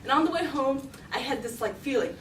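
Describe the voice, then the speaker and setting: A woman's voice: sits high, animated, a little fast, a little hiss or hum. A teenage girl telling a story on stage, giggling often and filling her talk with "like". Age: teens. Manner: giggly, lots of "like". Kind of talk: live storytelling. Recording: roomy, distant mic, faint ambience.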